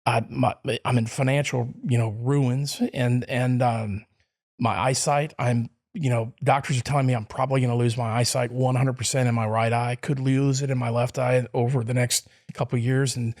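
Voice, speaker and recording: Gravelly man telling a story. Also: medium pitch, little pitch movement, moderate pace, darkish tone. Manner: rambling with many restarts and fillers. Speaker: podcast guest. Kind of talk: casual storytelling.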